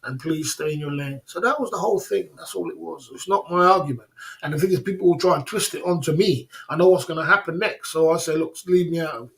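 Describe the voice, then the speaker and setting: A man's voice: on the high side, fast talker, vocal fry, fairly bright tone. Rambling livestream host, man. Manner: rambling, repeats himself, many fillers and restarts. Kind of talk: casual livestream rant. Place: Thailand.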